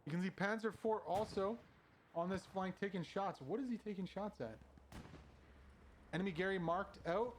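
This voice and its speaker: A man casting a competitive online shooter match as play-by-play commentator, quick and conversational, climbing in pitch when the action heats up. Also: a little hiss or hum. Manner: excited, rising sharply at big plays. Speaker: shoutcaster.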